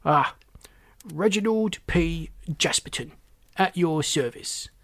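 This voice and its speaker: A man's voice: a little high, no room sound, pitched above the performer's own voice. A man doing Reginald, a sneering frog alien. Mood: pompous. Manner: slow, sneering and pompous. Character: rude burping male frog alien, pompous. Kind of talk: storybook character voice.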